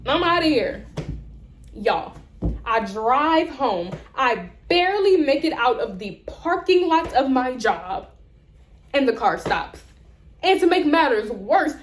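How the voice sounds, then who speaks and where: A woman's voice: fairly high pitch, roomy sound. A young woman vlogger telling a rant-style story, acting out the people in it. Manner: animated, acts out both sides of conversations.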